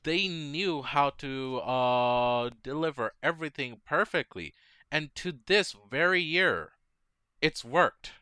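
A man's voice: a little high, animated, slow, sharp tone, clear, resonant tone, no echo. A man co-hosting a casual podcast chat, giving blunt, emphatic opinions. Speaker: podcast co-host.

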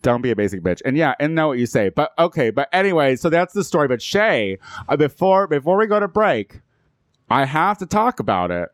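A man hosting a podcast, telling a story in a casual, animated way with frequent restarts. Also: fairly high pitch, fairly quick, no echo, clean studio sound. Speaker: podcast host. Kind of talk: casual chat.

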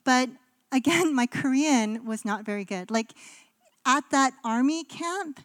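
A woman's voice: sits high, animated, a little slow, no echo. A woman pastor from Canada giving a conversational sermon in a casual, chatty way, with frequent ums and likes.

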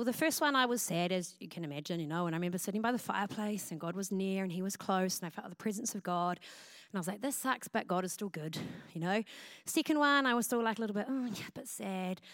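A woman pastor, preaching loudly and expressively, acting out the things she tells herself. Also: mid-range voice, fast talker, dry recording, studio quality. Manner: loud, expressive preaching with acted self-talk. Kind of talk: sermon.

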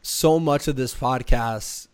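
A young man hosting a podcast, hoarse from a cold, chatting in a rambling, upbeat way with lots of fillers. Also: mid-range voice, takes it slowly, no room sound. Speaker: podcast host. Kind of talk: casual podcast chat.

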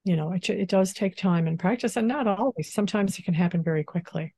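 A woman speaking as a spiritual teacher in an interview, gentle and unhurried, often saying "you know". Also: lowish voice, husky, dry recording. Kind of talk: calm spiritual interview talk.

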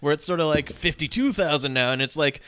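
A man's voice: a little high, quick pace, a bit bright, clear, resonant tone. A man hosting a casual film podcast, joking, swearing and laughing often.

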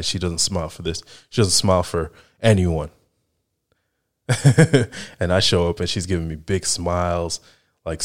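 Low-voiced man telling rambling stories. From Chicago area, United States. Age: 30s. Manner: rambling, laughs often, heavy use of "like" and "right?". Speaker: podcast host. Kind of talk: casual storytelling monologue.

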